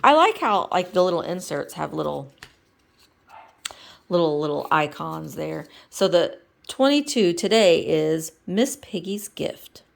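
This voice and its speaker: Woman vlogger reading a kids story, gravelly, lively voice, chatty asides. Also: low-pitched, a little slow.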